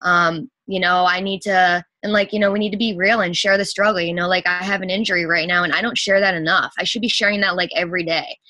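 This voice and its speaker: A young woman talks in a bright, forceful voice, gushing with excitement about her coaching team. She rushes through her sentences, breathless and full of fillers. The sound is dry and close. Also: fairly low pitch, dry recording. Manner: gushing, rapid, breathless with enthusiasm. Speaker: fitness coach. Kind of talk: excited testimonial talk.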